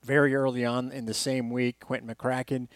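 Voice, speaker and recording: A man's voice: medium pitch, little pitch movement, normal speed, smooth, dry recording. Rambling male sports radio host. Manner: rambling, with many fillers and restarts. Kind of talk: casual sports talk.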